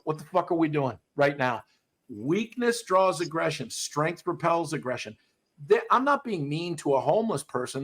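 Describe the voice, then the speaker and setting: A man hosting a podcast, talking in a blunt, profane, animated way as he tells stories in casual chat. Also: on the high side. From US South. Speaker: podcast host, dog trainer.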